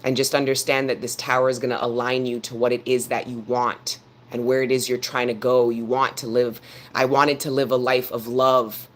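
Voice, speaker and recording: A man's voice: medium pitch, level tone, normal speed, fairly bright tone. A man giving a live tarot reading, talking earnestly and preachily straight to his viewers and repeating phrases for emphasis. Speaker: tarot reader.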